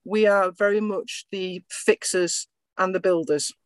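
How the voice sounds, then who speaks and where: A woman's voice: medium pitch, steady tone, a little slow, no echo. Friendly English-accented woman, dry sound. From England. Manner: friendly, conversational, explains plainly. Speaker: IT business owner, guest. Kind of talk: casual interview chat.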